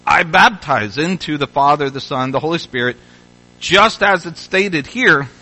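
High, bright-voiced man preaching. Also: poor audio. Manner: emphatic, repeating key phrases. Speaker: pastor. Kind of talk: sermon.

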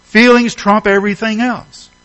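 A man's voice: high-pitched, little pitch movement, moderate pace, fairly bright tone, rough recording. A middle-aged man preaching a sermon, earnest and emphatic, asking his listeners rhetorical questions. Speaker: pastor.

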